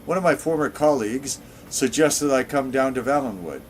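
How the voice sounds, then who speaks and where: A man's voice: mid-range voice, lively intonation, normal speed, slight background noise, voice pushed up, lightly acted, low-quality recording. A man voicing a polite, slightly anxious male Imperial builder in a voice close to his own, speaking courteously.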